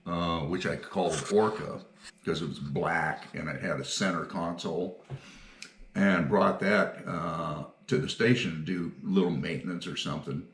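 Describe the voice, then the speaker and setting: An older retired firefighter telling stories in a casual interview, folksy and quick to laugh. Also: male voice, sits low, fairly even intonation, fairly bright tone, roomy sound, a little hiss or hum.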